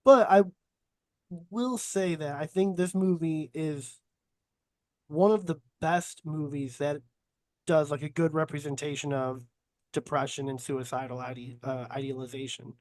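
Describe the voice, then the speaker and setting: A man's voice: fairly high pitch, steady tone, a little slow, darkish tone, no echo. A young man hosting a casual podcast chat, talking loosely with many fillers. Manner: laid-back, loose, lots of fillers. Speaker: podcast host.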